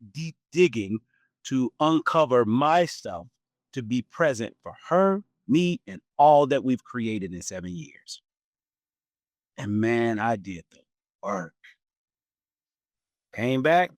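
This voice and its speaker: A man in his forties hosting a podcast, telling a personal story in a casual, animated way and laughing often. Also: slow, long pauses, dry recording. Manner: animated, acts out quoted voices with big pitch jumps. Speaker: podcast host.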